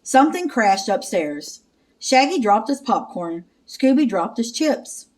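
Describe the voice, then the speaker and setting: Woman teacher, from Texas, picture-book read-aloud, expressive, slow, lively pitch. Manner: expressive read-aloud narration with sound effects.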